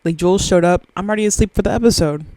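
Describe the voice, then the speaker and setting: Racing along in a warm, medium-pitched voice, a Southern woman in her twenties chats alone on her podcast, swearing and poking fun at herself very close to the microphone. The low-quality audio has no room sound.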